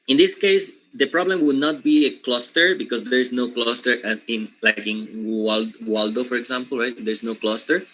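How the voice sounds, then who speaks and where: A young male teacher with a Latin American Spanish accent, a native Spanish speaker, lecturing his class live. His tone is bright and forward, and his middle-pitched voice works through ideas in loose restarts. He keeps checking in with "okay?" and "right?". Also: rough recording.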